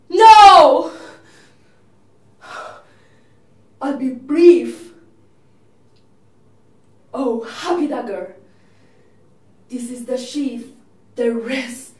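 Juliet, a woman playing her high and anguished. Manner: raised, sobbing and crying out. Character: young woman grieving her dead lover, desperate. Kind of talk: audition monologue. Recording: echoey room, mic from a distance.

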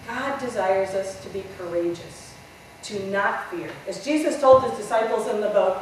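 A woman's voice: medium pitch, moderate pace, slight background noise. Woman pastor preaching in echoey church. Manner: storytelling, animated retelling with rhetorical questions. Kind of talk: sermon. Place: large church sanctuary. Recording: roomy echo, voice from far off.

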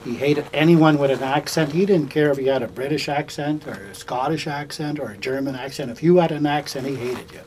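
A man's voice: fairly high pitch, brisk, hardly any pauses, darkish tone, low-quality recording. An older man from Canada telling a personal story in a folksy, conversational way, with fillers and restarts. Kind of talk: oral storytelling to a small audience. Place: indoors in a bookstore.

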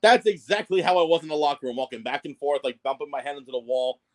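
A man's voice: a little high, lively intonation, fast talker. Rambling man telling a story. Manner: rambling, self-deprecating, many fillers and restarts. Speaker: podcast guest, wrestling ring announcer. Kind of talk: casual storytelling interview.

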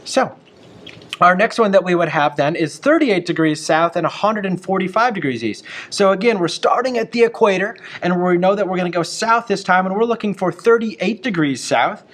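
A man's voice: high voice, expressive, moderate pace, fairly bright tone. A man teaching a map skills lesson in a chatty, folksy way, full of asides.

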